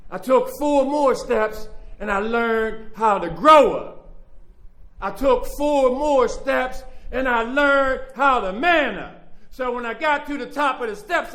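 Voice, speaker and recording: A man giving a profane, streetwise recovery talk as guest speaker at a conference, building up to shouting like a preacher. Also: extremely high pitch. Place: conference hall. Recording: echoey hall.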